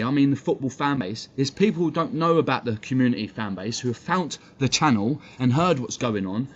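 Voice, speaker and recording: Fired-up English streamer ranting, lo-fi sound. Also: male voice, a little high, slightly rough. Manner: blunt, profane, worked-up, talking to chat. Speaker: fan channel streamer. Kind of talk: heated live-stream rant.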